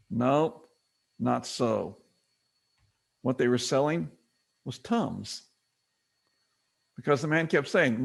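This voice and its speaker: A middle-aged man leads a business training webinar in an easy, conversational teaching manner. His voice has a gravelly edge and sits at a medium pitch. He drops into short acted quotes when he retells a story. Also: animated, slow pace, pauses often. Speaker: webinar presenter.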